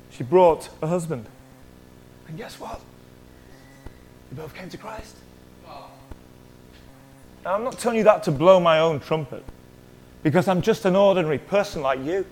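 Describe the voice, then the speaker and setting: A man's voice: high-pitched, poor audio. A middle-aged man preaching a sermon as a pastor, telling a story in a chatty way and joking with the congregation. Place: church hall.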